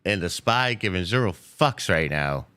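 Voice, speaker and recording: A man with a low, smooth, bright voice speaks a little slowly, expressive and forceful in tone. Hosting his live day-trading stream, he banters casually and playfully with viewers about the market, swearing freely.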